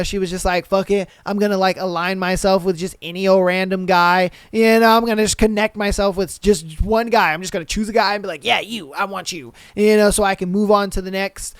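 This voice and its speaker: A man's voice: high voice, little pitch movement, brisk, hardly any pauses, clear, resonant tone, dry recording. A man hosting a podcast alone, talking casually and bluntly with lots of swearing, fillers and rambling asides. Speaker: podcast host. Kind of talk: casual solo commentary.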